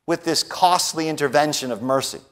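Man preaching a sermon, fairly high voice. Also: a little fast. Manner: emphatic, often adds a tag question "right?"; moves between hushed lines and raised declarations.

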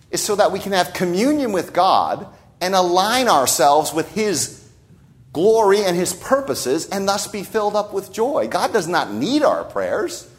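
Man, pastor, conversational sermon, animated intonation, frequent rhetorical asides. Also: high voice.

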